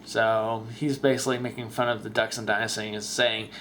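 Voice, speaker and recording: A man's voice: on the low side, little pitch movement, fairly quick, fairly bright tone, a little hiss or hum. A man giving casual, offhand asides while narrating a comic voice-over dub. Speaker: parody translator.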